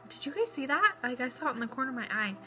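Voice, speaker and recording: A woman's voice: high voice, very animated, racing, sharp tone, faint music behind. A young woman, heavily pregnant and a bit out of breath, chatting in a rambling vlog update at home with many fillers. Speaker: vlogger. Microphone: phone camera close up.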